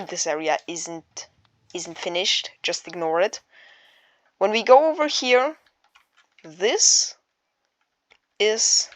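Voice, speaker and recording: A woman casually narrating a tour of her game build, halting and searching for words, with many fillers. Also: medium pitch, dry recording. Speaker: Minecraft builder giving a map tour.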